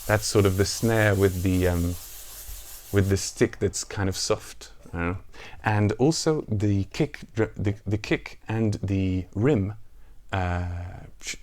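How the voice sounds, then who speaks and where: A man teaching a ukulele song, counting beats aloud and explaining the plucking pattern in a relaxed, casual way. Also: lowish voice, takes it slowly, slight background noise. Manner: counts beats aloud and sings lines softly. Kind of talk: music tutorial with counting and singing. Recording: ukulele music under the voice. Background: ukulele playing.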